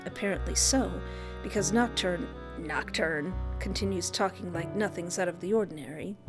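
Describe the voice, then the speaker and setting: A woman streamer reading a visual novel aloud, breaking in with excitable, gushing asides. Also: lowish voice, moderate pace. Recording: background game music.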